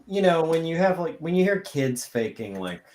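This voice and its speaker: A man's voice: fairly high pitch, sing-song, normal speed, a little mellow, a little hiss or hum. A man chatting casually with friends on a livestream, thinking aloud with lots of fillers. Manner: rambling, thinks aloud with many likes. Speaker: livestream host. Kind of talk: casual chat. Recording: echoey room.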